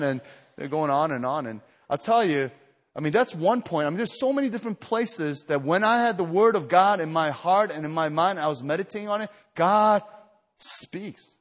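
A man's voice: a little high, animated, brisk, in a large hall. A man preaching a sermon to a retreat gathering, telling stories with lots of fillers and restarts, then building to emphatic exhortation. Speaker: pastor.

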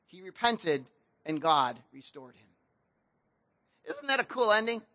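Bright, high-voiced casual preacher. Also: male voice, measured pace, no echo. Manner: casual slang-laced preaching, animated storytelling. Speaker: pastor. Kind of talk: sermon.

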